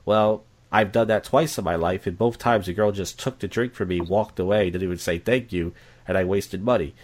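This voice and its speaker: A man's voice: low-pitched, moderate pace. A man talking candidly in casual conversation, rambling and repeating himself, blunt and profane.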